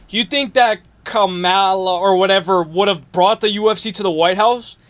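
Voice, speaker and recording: A man's voice: sits high, fairly bright tone. A man hosting a casual live stream, rambling and filling his talk with "dude" and "whatever". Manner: rambling, filler-heavy, says dude a lot. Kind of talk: casual live stream chat on fight picks.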